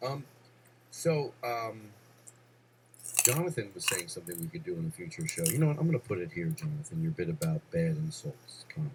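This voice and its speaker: A man hosting a podcast in casual chat, excitable and jumping from topic to topic. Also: sits low, brisk, noisy background. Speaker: podcast host.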